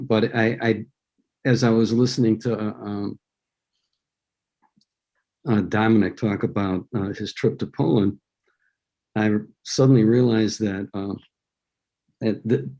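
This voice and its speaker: An older man, an author guest on a video call, answering slowly and thoughtfully with many restarts. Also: lowish voice, mellow. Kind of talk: interview answer.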